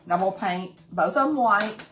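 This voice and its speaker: A woman's voice: medium pitch, fairly quick, fairly bright tone, echoey room, recorded from a distance, a little hiss or hum. Chatty Southern woman hosting a craft livestream. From Tennessee. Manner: chatty, greets viewers by name, laughs often. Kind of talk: casual live craft demo.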